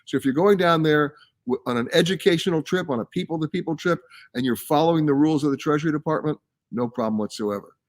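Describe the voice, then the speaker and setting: Man, travel show host, chatty and emphatic, somewhat high voice, casual live chat. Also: fast. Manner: chatty and emphatic, reads out viewer comments and answers them. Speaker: travel show host answering viewer questions. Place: live from a science center.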